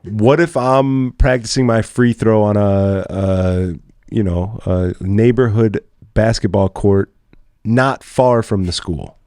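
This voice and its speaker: A man hosts a casual podcast and ribs his guest with jokes. His voice is on the low side and sounds close and dry on the microphone. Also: steady tone, slow, a little mellow, no echo. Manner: teasing, joking banter. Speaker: podcast host.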